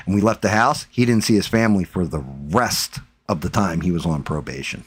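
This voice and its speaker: A man's voice: low-pitched, brisk, hardly any pauses, husky, dry recording. A man hosting a live stream, telling a story in casual, profane chat and acting out what people said. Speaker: streamer host.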